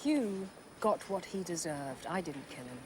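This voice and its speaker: An actress playing a betrayed, pregnant wife in a television crime drama, speaking in a clipped, cool and defensive way. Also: female voice, on the low side, lively intonation, a little slow, noisy background. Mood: cold. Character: cold, bitter betrayed wife, woman. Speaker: pregnant wife of a murdered man.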